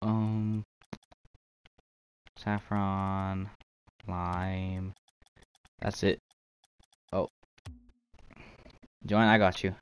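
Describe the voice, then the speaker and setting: A man's voice: low-pitched, flat delivery, drawn-out words, long pauses, clear, resonant tone. A young man streaming a game, chatting casually with viewers, laughing and swearing easily. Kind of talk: casual live-stream chat while trading.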